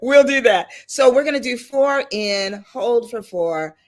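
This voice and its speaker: A middle-aged woman hosting a casual chat and telling stories with animated delivery. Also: fairly high pitch, unhurried. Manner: lively storyteller, animated and laughing. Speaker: host. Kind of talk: casual chat on a video call panel.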